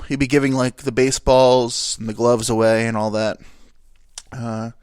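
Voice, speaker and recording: Speaking fairly quickly in a steady, medium-pitched voice with a darkish tone, a young man hosts a podcast and rambles through a personal story. He sounds nasal and tearful, like he's just cried, filling the casual monologue with fillers and corrections of himself. The studio sound is clean, without echo.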